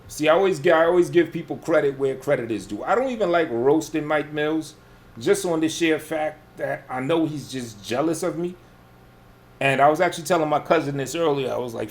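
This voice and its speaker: A man's voice: a little high, a little mellow. Profane self-assured man on radio chat. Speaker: guest under roast.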